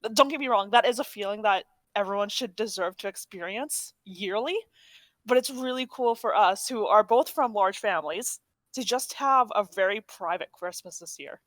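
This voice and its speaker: A woman's voice: medium pitch, normal speed, fairly bright tone, dry recording. Young woman, podcast co-host, rambling casual talk, dry close sound. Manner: rambling, self-correcting, chatty. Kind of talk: casual chat.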